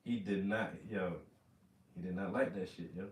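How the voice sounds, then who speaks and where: Male painter host, loose animated storyteller with profanity; recorded in a room with some reverb, mic at a distance. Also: sits low, moderate pace. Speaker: oil painter hosting a livestream. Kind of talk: casual chat while painting.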